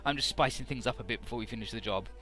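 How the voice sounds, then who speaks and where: A man's voice: medium pitch, very fast, sharp tone, pitched below the performer's own voice, close to an everyday voice. A man voicing a bored, scornful ancient male alien overseer who talks in a dismissive, snappy way.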